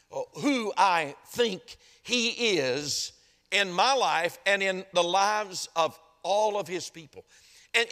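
Bright-voiced preaching pastor in a reverberant sanctuary. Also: male voice, sits high. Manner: preaching with emphatic rises, repeats words when stressing. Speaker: senior pastor. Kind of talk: sermon. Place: church sanctuary. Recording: long hall reverb.

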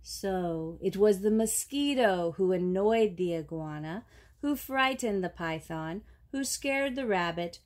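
A woman voicing a stern male lion king in a storybook reading, speaking in a measured, commanding way. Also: mid-range voice, expressive, darkish tone.

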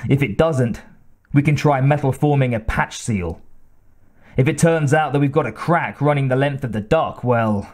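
A man's voice: mid-range voice, moderate pace, darkish tone, lightly acted. A man voicing a weary, blunt male ship engineer who reports damage in a tired, matter-of-fact way.

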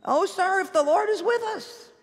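A woman's voice: very high voice, moderate pace, pitched above the performer's own voice. A woman preacher voicing a timid young man who feels worthless, in a whiny, wimpy pleading voice, heard in a large reverberant hall.

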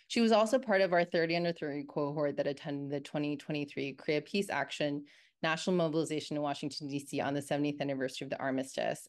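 Woman host, very deep voice, formal guest intro, video call.

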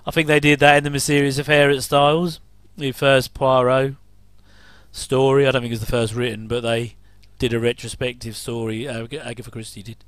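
A man's voice: medium pitch, flat delivery, a little fast, fairly bright tone, smooth, dry recording. A man giving a casual, rambling commentary over an old TV episode, with frequent chuckling asides.

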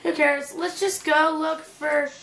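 A woman's voice: sits high, fairly even intonation, takes it slowly, gravelly. A woman giving playful let's-play commentary, chatting to game animals in a silly voice, in a roomy home recording with faint hiss. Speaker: gamer.

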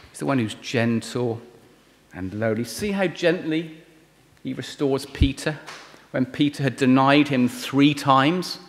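A man preaching a sermon and leading prayer, earnest and pleading, often dropping to a soft voice on key words. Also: mid-range voice, takes it slowly. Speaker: visiting preacher. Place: church hall. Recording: reverberant hall.

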